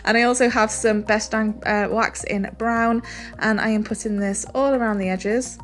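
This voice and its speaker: A woman's voice: a little high, moderate pace. Chatty woman explaining furniture painting. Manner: relaxed, chatty, says "um" and "really, really" often. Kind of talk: step-by-step painting tutorial voice-over.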